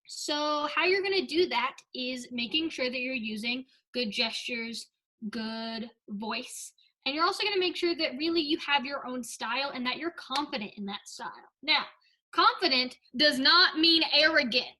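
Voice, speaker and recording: A woman's voice: high voice, moderate pace, bright, forceful tone, rough recording. A young woman giving an upbeat speech and debate lesson, often checking in with "right?" and "okay?". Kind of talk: instructional talk with comic asides.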